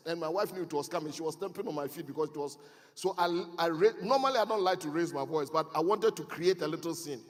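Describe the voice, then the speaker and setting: A man preaching a sermon as a bishop, telling stories and building to loud, emphatic exhortation. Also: on the high side, expressive, fast. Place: conference hall. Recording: reverberant hall.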